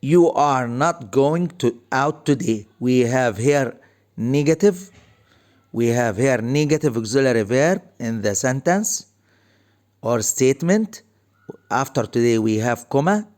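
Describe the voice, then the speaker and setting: A man teaching English grammar, explaining each point slowly and repeating key phrases. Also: medium pitch, a little mellow. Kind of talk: recorded grammar lesson.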